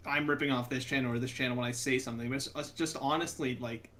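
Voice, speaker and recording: Dude cohosting a gaming podcast, mid pitch voice, dry deadpan jokes. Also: male voice, quick pace. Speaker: podcast co-host. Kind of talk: casual chat.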